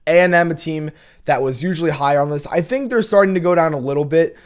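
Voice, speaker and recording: A man's voice: a little high, quick pace. A young man hosting a college football show, talking in a casual, opinionated, rambling rant with many restarts.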